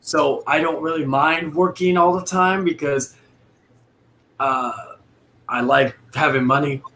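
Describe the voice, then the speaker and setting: Bright-voiced man rambling casually. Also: a little high, a little slow, a little hiss or hum. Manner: rambling, many restarts and fillers. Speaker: dishwasher and cook. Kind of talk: casual chat on a live stream.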